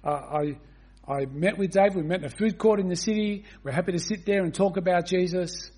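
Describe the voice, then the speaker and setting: With earnest conviction, a preacher works through an expository sermon, reading long scripture passages and often turning to the congregation with rhetorical questions. His voice sits high, with a husky edge and darkish tone, and his pace is a little fast.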